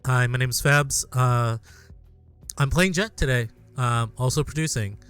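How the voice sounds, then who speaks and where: Chill player joking around, smooth clear voice. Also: mid-range voice, a little slow, fairly bright tone, soft background music. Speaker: player and producer. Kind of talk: casual chat.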